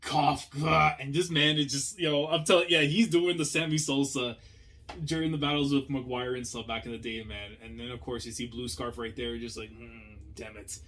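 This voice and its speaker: A young man talks through a manga chapter in casual slang. He drops to low mutters, then breaks into loud, excited outbursts. His voice sits at an ordinary middle pitch for a man. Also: moderate pace. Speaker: manga reaction host. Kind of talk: casual reaction commentary.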